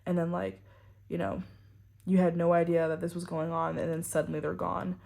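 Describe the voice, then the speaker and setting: A woman's voice: lowish voice, little pitch movement, moderate pace, gravelly, darkish tone. A woman giving a casual tarot reading to her viewers, rambling and full of "like" and "you know". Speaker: tarot reader.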